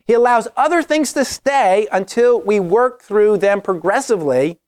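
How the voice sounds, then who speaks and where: A man's voice: high voice, lively intonation, moderate pace, darkish tone. A man preaching, telling his conversion testimony as a story and acting out the dialogue with emphasis. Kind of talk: testimony sermon.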